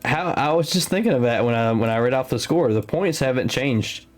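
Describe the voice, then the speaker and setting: A man's voice: medium pitch, lively intonation, fairly quick, faint music behind. A man co-hosting a live tabletop game stream, chatting casually and laughing easily. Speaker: stream co-host and commentator.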